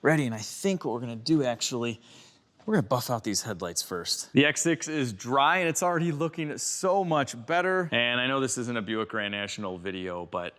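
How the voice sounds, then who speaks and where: A man's voice: mid-range voice, lively intonation, a little fast, a bit bright. A young man from Chicago chatting and joking with viewers while he cleans and details a car. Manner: chatty, jokey, talks to viewers while working. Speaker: car YouTuber. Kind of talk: casual car-detailing vlog narration.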